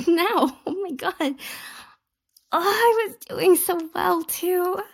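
Giggly, teasing young woman, high fry. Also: slow. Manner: playfully bratty and coy. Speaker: audio role-play performer. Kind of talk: intimate audio role-play.

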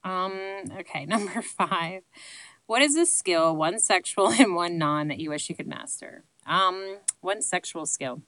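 Southern lady vlogging, bright clear voice, dry close sound, lots of ums and self-deprecating jokes. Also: lowish voice, lively intonation, unhurried, dry recording, low-quality recording. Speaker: vlogger answering viewer questions. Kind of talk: casual chat.

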